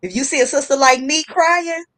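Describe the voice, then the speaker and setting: Woman host chatting, kinda high voice, laughing a lot, slangy animated storytelling. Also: normal speed. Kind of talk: casual chat storytelling.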